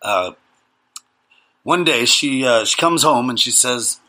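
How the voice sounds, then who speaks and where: A man's voice: mid-range voice, lively intonation, slow, long pauses, sharp tone. A man, co-hosting a casual podcast chat and telling crude, joking stories. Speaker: podcast co-host.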